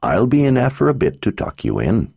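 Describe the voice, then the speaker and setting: A man narrating an audiobook, voicing an old wizard who speaks slowly and gently, brushing off concern. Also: mid-range voice, wildly swooping pitch, vocal fry, slightly rough, pitched above the performer's own voice, full character voice. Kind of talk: audiobook character voice.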